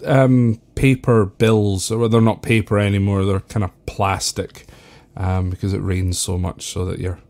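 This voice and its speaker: A Scottish man hosting a podcast alone, talking casually and rambling with lots of fillers. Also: a little slow. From Scotland. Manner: rambling, many fillers, lively swings in pitch. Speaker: podcast host. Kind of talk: casual solo podcast talk.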